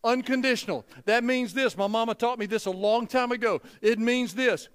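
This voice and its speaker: An older man preaching a sermon to his church, folksy and emphatic, dropping to a hush and then building loud. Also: extremely high pitch, normal speed, hardly any pauses, clear, resonant tone. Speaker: pastor. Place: church sanctuary.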